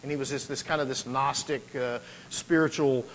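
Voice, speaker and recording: A man's voice: medium pitch, steady tone, moderate pace, a little hiss or hum, low-quality recording. A man preaching a sermon, talking conversationally and building to emphatic peaks. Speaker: pastor.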